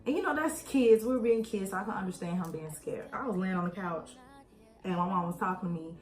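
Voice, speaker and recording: A woman's voice: mid-range voice, brisk. Young woman vlogger telling a story. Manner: animated, acts out quoted voices, addresses viewers as y'all. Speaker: beauty vlogger. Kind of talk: casual storytelling while doing makeup. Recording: echoey room with faint music.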